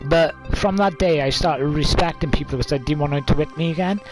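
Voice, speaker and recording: A man's voice: a little high, fairly quick, music in the background. A man of twenty-five, telling a story casually to camera with lots of fillers. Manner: rambling, many fillers, coughs and laughs.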